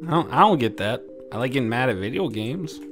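A young man doing profane, jokey let's play commentary, swinging from mumbles to loud yells and laughs. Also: medium pitch, expressive, brisk. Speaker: gaming YouTuber. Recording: game music underneath.

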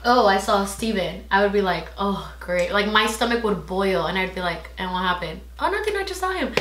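A young woman vlogger telling a personal story in casual chat, animated and swearing freely as she acts out what people said. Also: medium pitch, roomy sound, a little hiss or hum.

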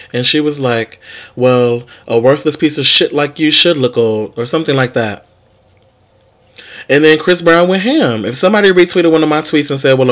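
A young man talks straight to camera, dishing celebrity gossip with sass and plenty of swearing. His voice sits in an ordinary middle pitch, loose and conversational. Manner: sassy, profane, animated commentary. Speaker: vlog host. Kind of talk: casual celebrity gossip vlog.

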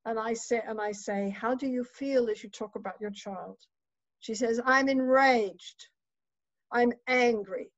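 A woman psychotherapist giving a conference keynote, speaking emphatically and conversationally and often checking in with a quick "right?". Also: fairly high pitch, steady tone, darkish tone, no room sound. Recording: dull lo-fi dry sound.

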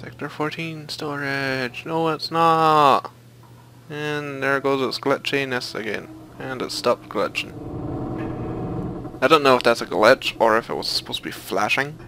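A man's voice: medium pitch, steady tone, measured pace, creaky, pushed and bright, slight background noise, poor audio. A man hosting a let's play, giving sweary, exasperated commentary and muttering to himself as he plays. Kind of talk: profane gaming commentary. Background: violin game music.

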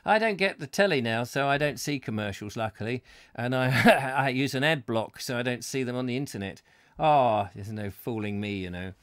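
A man's voice: medium pitch, moderate pace, fairly bright tone, no echo, studio quality. A man hosting a live comedy chat show, rambling through viewer comments and often laughing at himself. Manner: chatty and self-mocking, often laughs and trails off with fillers.

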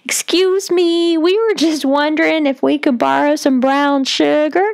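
A fast-talking male movie cop, animated and comically urgent as he coaches his partner, put on by a woman telling a story. He pushes his voice up for the joke. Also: sits high, gravelly, dry recording, studio quality, voice pushed up. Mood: urgent, comic.

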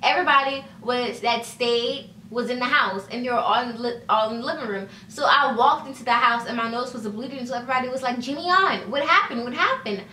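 Young woman, storytime vlog, bright voice, slightly high, fillers like "like" and "you know", echoey room, a bit back from the mic. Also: fairly even intonation, fast, hardly any pauses, distant mic, slight background noise. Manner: chatty, fillers of "like" and "you know", acts out quoted dialogue. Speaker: vlogger. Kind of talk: casual storytime.

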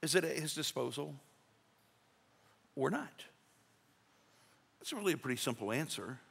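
A man's voice: fairly high pitch, expressive, normal speed, gravelly, fairly bright tone, husky. A male pastor preaching a sermon in a folksy, conversational way, acting out little quotes. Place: church sanctuary. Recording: reverberant church sanctuary.

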